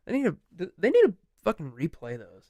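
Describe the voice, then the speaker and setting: A young man co-hosting a podcast, retelling a story in casual chat, animated, swearing and laughing. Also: high voice, a little fast, no room sound. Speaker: podcast co-host.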